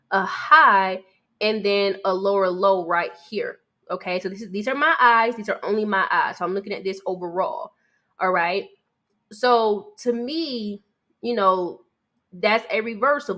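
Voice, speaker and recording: A woman's voice: mid-range voice, a bit bright. Casual woman trading coach. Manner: casual, talks to viewers, calls them sweetie and baby. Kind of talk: live-stream chart analysis.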